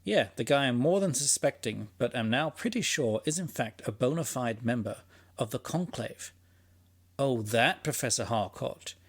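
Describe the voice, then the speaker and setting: Husky-voiced man musing aloud. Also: medium pitch. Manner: musing, dryly sarcastic. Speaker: podcast host and narrator. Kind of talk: scripted conversational monologue.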